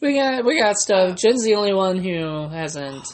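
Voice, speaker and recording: A man's voice: high-pitched, expressive, unhurried, noisy background. A man hosting a podcast, chatting casually and telling a story in a rambling way with lots of fillers. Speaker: podcast host. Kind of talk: casual chat.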